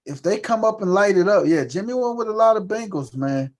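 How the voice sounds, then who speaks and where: A man with a high-pitched voice riffs loudly on fantasy football picks. His talk is full of cursing and lively banter, bouncing from pick to pick. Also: a little fast. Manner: loud, profane, animated banter about fantasy picks. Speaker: podcast co-host. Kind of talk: casual sports chat.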